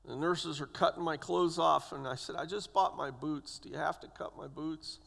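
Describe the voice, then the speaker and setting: A man's voice: fairly high pitch, steady tone, moderate pace, creaky, a bit bright. A man in his sixties, a church elder, giving a personal testimony in a church, acting out the voices of the people in his story. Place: church sanctuary. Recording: long church hall reverb.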